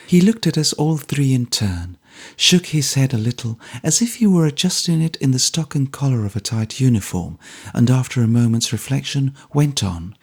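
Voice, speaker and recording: Male audiobook narrator, measured reading, gravelly, expressive pitch. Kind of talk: scripted narration.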